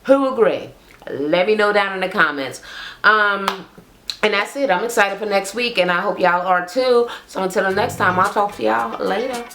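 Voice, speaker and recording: A woman recapping a reality TV episode as a vlogger, telling it in a blunt, profane, animated way. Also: mid-range voice, moderate pace, a little hiss or hum. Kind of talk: casual ranting recap.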